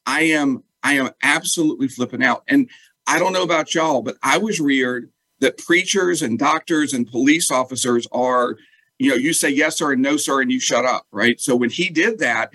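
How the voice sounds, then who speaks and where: A man, a guest telling a personal story in lively, casual talk and acting out what others said. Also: mid-range voice, moderate pace, dry recording, poor audio. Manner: animated, acts out quoted dialogue.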